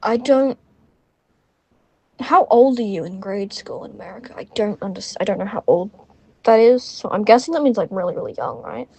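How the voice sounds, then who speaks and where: A woman's voice: medium pitch, expressive, normal speed, creaky, a little mellow, breathy edge. A young woman with an English accent, chatting and swearing through casual let's-play asides at her computer, recorded on a phone. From England. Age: young adult. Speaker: gaming channel host.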